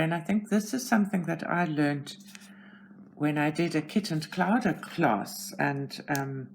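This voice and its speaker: A low-voiced woman with a South African accent, speaking slowly and unhurriedly with a gravelly edge. She talks through her work in a relaxed, chatty way, poking fun at herself, with faint background noise. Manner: chatty, self-deprecating, talks to herself while working. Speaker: channel host. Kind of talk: casual narration while coloring. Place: at home.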